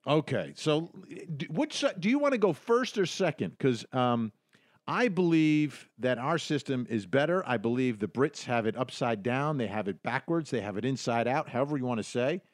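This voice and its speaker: A man's voice: mid-range voice, expressive, moderate pace, no echo, studio quality. A man from the United States hosting a legal commentary show, emphatic and repeating phrases to drive his points home. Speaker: host.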